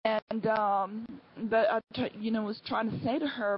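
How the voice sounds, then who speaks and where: A woman giving a personal testimony to her church, speaking earnestly and haltingly, with many restarts. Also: a little high, steady tone, breathy edge, dull audio.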